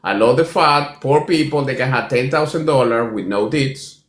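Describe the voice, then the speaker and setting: A man's voice: mid-range voice, moderate pace, reverberant. A man calling in to a live debate, enthusiastic and speaking broken English. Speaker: caller. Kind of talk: casual call-in debate.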